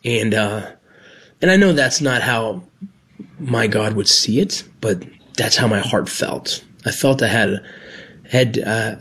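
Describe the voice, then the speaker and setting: A former Border Patrol agent and medic, a man speaking earnestly about his past work, halting at times with restarts. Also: on the low side, a bit bright, slightly rough. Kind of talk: personal storytelling.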